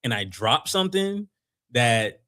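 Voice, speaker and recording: Laid-back man with a lively voice. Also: mid-range voice, measured pace. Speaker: podcast co-host. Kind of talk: casual chat.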